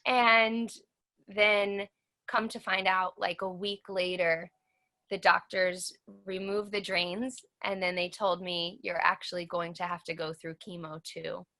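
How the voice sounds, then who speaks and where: A woman's voice: fairly low pitch, level tone, a little slow, bright, forceful tone. A woman in her thirties, a guest in an interview, telling her own story earnestly and acting out what others said to her. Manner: earnest, acts out the dialogue of others.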